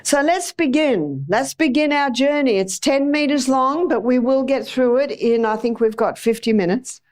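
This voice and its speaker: Chatty woman lecturing, slightly high voice. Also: moderate pace, darkish tone. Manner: chatty and anecdotal, acts out examples with repetition. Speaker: health lecturer. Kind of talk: lecture to a live audience.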